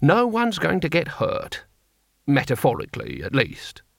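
A man voicing a mild, polite former teacher who talks calmly and drily. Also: a little high, a little slow, vocal fry, no room sound, full character voice. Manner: calm, dry and polite.

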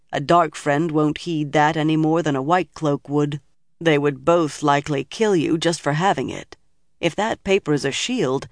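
A man's voice: fairly high pitch, vocal fry, dry recording. A man voicing a dry, authoritative older woman leader in an audiobook reading. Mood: dry warning.

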